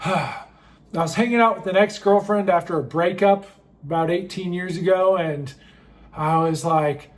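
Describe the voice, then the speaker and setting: A man's voice: sits high, measured pace. A man in his thirties telling a comic true story about himself, wry and self-mocking, rambling with fillers.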